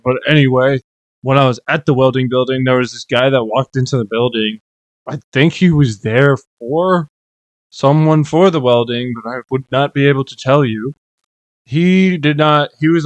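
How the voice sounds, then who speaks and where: Young guy chatting, dry close mic, easygoing, kinda trails off softly. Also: mid-range voice, clean tone, no room sound. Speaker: podcast co-host. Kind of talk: casual storytelling chat.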